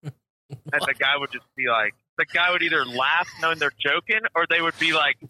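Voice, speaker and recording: A man's voice: on the high side, moderate pace, sharp tone, rough recording. A young man in casual, crude banter with friends, swearing, laughing and rambling through stories.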